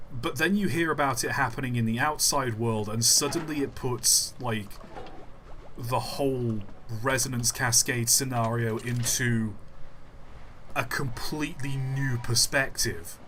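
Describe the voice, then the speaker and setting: A man's voice: medium pitch, measured pace, sharp tone, slight background noise. A young man, commenting casually as he plays a game on a live stream and drifting into long musing asides. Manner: rambling, musing aside while playing.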